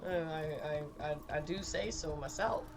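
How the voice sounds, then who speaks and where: A woman's voice: sits low, moderate pace, background noise. A young woman streaming a game, chatting casually with crude jokes and laughter. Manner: crude, joking, laughing, tipsy banter. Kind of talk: casual live-stream chat.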